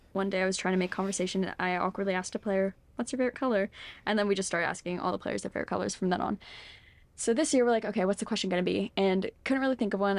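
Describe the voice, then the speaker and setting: A young woman co-hosting a podcast, rambling cheerfully through her stories with constant fillers and frequent laughter. Her voice sits at a middle pitch. It is recorded close and dry, with no room sound. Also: gravelly, no room sound. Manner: chatty storyteller, laughs often, heavy "like" filler. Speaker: podcast co-host. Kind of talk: casual chat.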